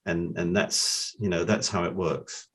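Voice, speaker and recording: A middle-aged man with a London accent tells anecdotes as a podcast guest. His voice is husky and sits a bit low, and he restarts his phrases often as he goes along. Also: fairly even intonation, a bit bright. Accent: London English. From England. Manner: halting, repeats opening words. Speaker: guest, forensic accountant. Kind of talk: relaxed storytelling.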